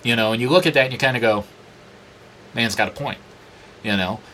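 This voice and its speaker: A man in his forties, an interview guest, telling personal stories in a candid, profane, animated way and acting out what others said. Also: medium pitch, brisk, a little hiss or hum. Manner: profane, animated, acts out quoted dialogue. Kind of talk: candid storytelling conversation.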